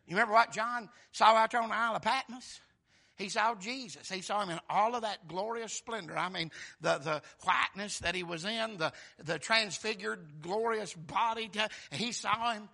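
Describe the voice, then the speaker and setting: High, bright preacher in full cry. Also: male voice, moderate pace, vocal fry. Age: older. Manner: swings from low murmurs to shouted high exclamations. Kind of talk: sermon.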